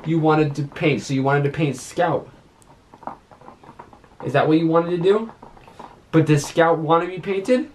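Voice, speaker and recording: A man's voice: on the high side, measured pace, pauses often, slight background noise. A man talking at home as a father, asking stern, patient questions. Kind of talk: casual home talk. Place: family home.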